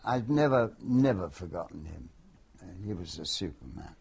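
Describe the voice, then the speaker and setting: A man's voice: low-pitched, animated, moderate pace, gravelly, a little mellow, a little hiss or hum. A man in his eighties from London, a veteran actor answering interview questions in a wry, hesitant way with many restarts. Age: 80s.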